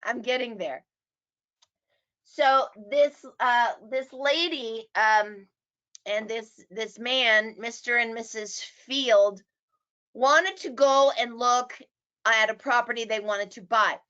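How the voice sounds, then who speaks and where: A middle-aged woman teaching real estate agents, animated and acting out quoted people. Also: a little high, slow, clean tone. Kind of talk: presentation. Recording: dull lo-fi audio.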